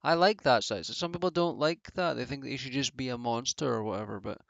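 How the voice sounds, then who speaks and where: A wrestling reviewer gives casual solo commentary, rambling and offhand with many fillers. His mid-range voice is gravelly and quick, captured dry on a dull lo-fi home mic.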